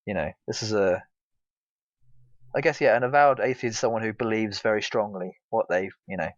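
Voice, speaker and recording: A man's voice: lowish voice, fairly quick, dry recording. A British man co-hosting a gaming podcast, rambling casually with lots of hesitations and fillers. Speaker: podcast co-host. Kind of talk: casual chat. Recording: dull, dry lo-fi mic.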